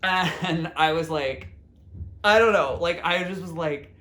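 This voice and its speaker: A man's voice: a little high, slow, sharp tone. A man hosting his own vlog, telling a story in a casual, rambling way, full of "like" and quoting his own thoughts. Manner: rambling, full of "like" fillers and self-quotes. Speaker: vlog host.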